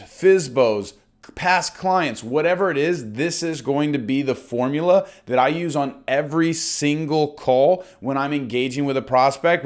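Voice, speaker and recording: A young man coaching real estate agents on cold-call scripts, speaking energetically and confidently. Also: fairly high pitch. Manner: energetic, confident, demonstrates lines aloud. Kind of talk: course lesson on phone scripts.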